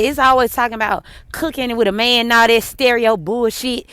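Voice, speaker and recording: A woman telling a personal story to her viewers, blunt and cursing, swinging between heated outbursts and hushed apologies. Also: on the high side, steady tone, brisk, smooth, no echo, studio quality. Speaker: vlogger. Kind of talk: emotional personal storytelling to camera.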